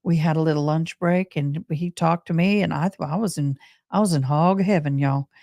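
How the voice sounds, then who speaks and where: A chatty Texan woman with a deep, gravelly voice speaks at normal speed in a dry recording. As a livestream host, she tells a story casually and animatedly to her live chat, addressing viewers as y'all.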